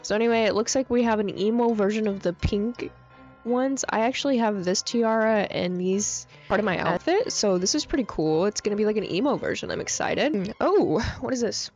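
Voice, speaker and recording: With a medium-pitched voice moving a little fast, a young woman YouTuber chatters excitedly about a game update, using lots of slang and filler words. Her handheld mic peaks and distorts on a dull, lo-fi track with faint background music.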